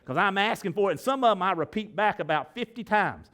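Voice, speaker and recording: A pastor with a high voice talks fast as he delivers a sermon to his congregation in the church sanctuary. His manner is folksy and lively, moving from loud to soft, and he keeps asking the people in front of him direct questions.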